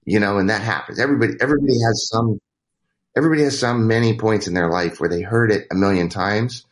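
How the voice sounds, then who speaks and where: A man's voice: fairly low pitch, quick pace. A man as a guest telling a candid personal story in a conversation, rambling with restarts and acting out quoted dialogue.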